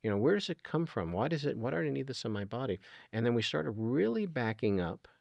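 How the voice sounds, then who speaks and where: A man's voice: mid-range voice, big pitch swings, fairly quick, creaky, a little mellow, no room sound, dull audio. A middle-aged man talking earnestly as an interview guest, retelling conversations with plenty of ums and you-knows. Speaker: guest, food nonprofit founder.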